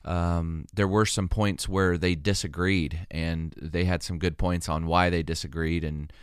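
Very deep, smooth-voiced hesitant man. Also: steady tone, unhurried, no room sound, clean studio sound. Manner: hesitant, full of fillers and restarts. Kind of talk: casual chat.

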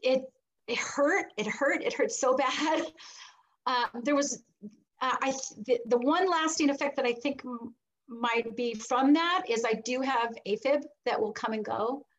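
On a low-quality recording, a high-pitched, slightly slow woman's voice recounts a personal story. She's a middle-aged interview guest who tells it animatedly, performing quoted voices and laughing between lines.

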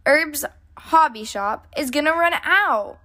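A woman playing an eager little girl cub from a storybook, high and breathless, gushing over a new toy craze as if she can hardly wait. the voice is bright and rushed, a picture-book kid through and through. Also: animated, heavily acted. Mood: excited.

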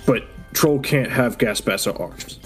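A man's voice: mid-range voice, animated, measured pace, soft background music, lightly acted. A man playing a blunt brute who speaks in broken phrases and refers to himself in the third person. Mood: earnest.

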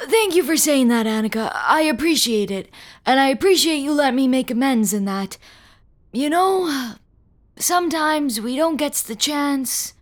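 A frail old man near the end of his life, gruff but kindly, as a woman reader puts him on. He talks in a folksy, worn-out way, with sighs and coughs between words, in a voice that sits rather high for a man. An audio horror story told by a single reader. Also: animated, measured pace. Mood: earnest. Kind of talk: audio fiction reading.

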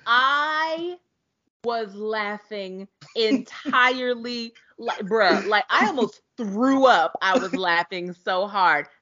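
A woman co-hosting a podcast in casual chat, excitable and slangy, laughing often. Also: on the high side, takes it slowly. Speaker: podcast co-host. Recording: dull lo-fi sound.

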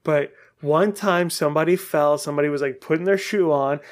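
A man in his forties tells a story on his podcast in a casual, meandering way. His voice sits a little high for a man. He swears freely and laughs often. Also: fairly quick. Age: 40s. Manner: rambling, profane, laughing often. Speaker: podcast host.

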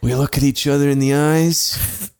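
This podcast co-host has a fairly high, clear, resonant voice and speaks at a moderate pace. He tells a casual, animated story packed with swearing. He keeps laughing while he talks.

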